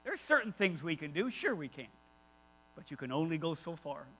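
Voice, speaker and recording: A man's voice: a little high, sing-song, a little fast, a bit bright, poor audio. A man preaching a conversational sermon, emphatic and repeating key phrases, with asides to his listeners.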